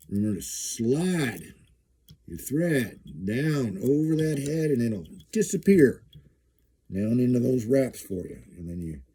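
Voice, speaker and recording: A middle-aged man from eastern Kansas walks through tying a jig in a casual how-to, chatty and folksy, repeating phrases as he works. His medium-pitched voice is very dark and mellow with a husky edge.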